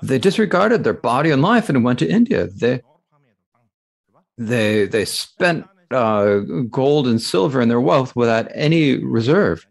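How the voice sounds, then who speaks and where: A man with a gravelly edge carries a Buddhist Dharma talk into English in a halting way, breaking off and restarting often. His pitch rises and falls widely, and filler sounds keep filling the gaps. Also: lively intonation.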